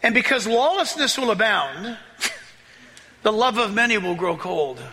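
A pastor preaching a sermon with excitable energy, often laughing and rising into shouts as he reads scripture. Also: sits high, unhurried, a little hiss or hum. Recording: long reverb of a large hall.

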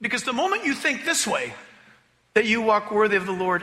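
A man with a very high, bright voice preaches a sermon in a church sanctuary. He swings his pitch widely and drags out key words for emphasis. The sound rings with a long hall reverb. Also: vocal fry. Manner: animated preaching, drawn-out emphasis. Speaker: pastor.

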